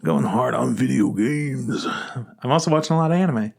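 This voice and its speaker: Guy hosting a podcast, laughs a lot, teasing, super bouncy lively voice. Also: mid-range voice, moderate pace, creaky. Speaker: podcast host. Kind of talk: casual podcast chat.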